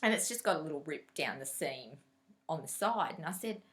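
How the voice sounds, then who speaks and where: A woman's voice: low-pitched, expressive, a little fast, a bit bright. A woman vlogging about cross-stitch in a casual, chatty way, telling stories animatedly, laughing often and acting out what people said.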